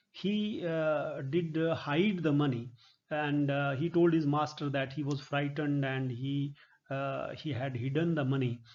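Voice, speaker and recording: Man, lecturer, slightly high voice, patient, hesitant fillers, dull lo-fi recording. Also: a little mellow. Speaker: literature professor.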